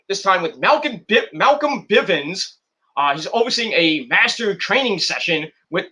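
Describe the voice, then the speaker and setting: A man's voice: sits high, pushed and bright. A man recapping and rating a wrestling show in a rambling, casual vlog, full of crude jokes and swearing.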